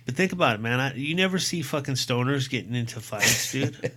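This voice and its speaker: A man's voice: medium pitch, lively intonation, a little fast, bright, forceful tone. A man co-hosting a podcast, talking bluntly and profanely in casual chat. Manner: blunt, profane, calls listener "dude". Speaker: podcast co-host.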